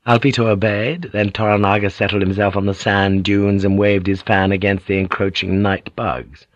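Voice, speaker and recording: Very deep-voiced male audiobook narrator. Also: flat delivery, normal speed, hardly any pauses, dry recording. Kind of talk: scripted narration.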